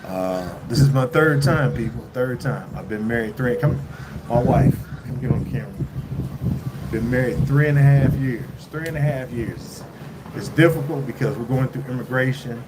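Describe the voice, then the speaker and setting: A man livestreaming casually from his phone while traveling, rambling and halting with many fillers and restarts. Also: medium pitch. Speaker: vlogger livestreaming. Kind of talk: casual live-stream chat. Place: indoors at a lodging while traveling. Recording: loud background noise.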